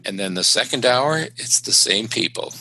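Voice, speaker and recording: A man's voice: medium pitch, lively intonation, moderate pace, bright, forceful tone, slight background noise, rough recording. A middle-aged man from Canada, a stand-up comedian telling wry road stories with punchlines in a casual chat. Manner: anecdotal, wry, with punchline delivery.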